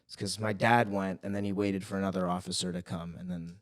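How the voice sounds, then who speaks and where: A man's voice: sits low, level tone, fairly quick. A young man co-hosting a podcast, telling stories in a loose, profane, rambling way. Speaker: podcast co-host. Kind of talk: casual chat.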